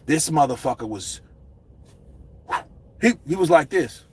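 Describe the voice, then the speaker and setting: A man rants about boxing in a loose, profane, animated way. His voice is husky and sits high for a man. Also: a little slow. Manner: animated, profane, slips into impressions. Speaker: boxing commentator. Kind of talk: casual profane rant.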